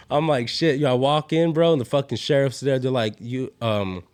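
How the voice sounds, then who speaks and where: A young man with a mid-range, slightly mellow voice rambles through a long story as a podcast guest, packing it with "yo" and "bro." He talks at normal speed with hardly any pauses, and the sound is clean.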